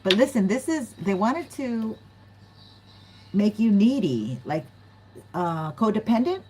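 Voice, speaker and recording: A woman's voice: medium pitch, sing-song, takes it slowly, noisy background. A woman giving a casual, chatty tarot reading to her viewers, often giggling and acting out what other people might say. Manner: chatty, giggly, acts out quoted voices. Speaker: tarot reader.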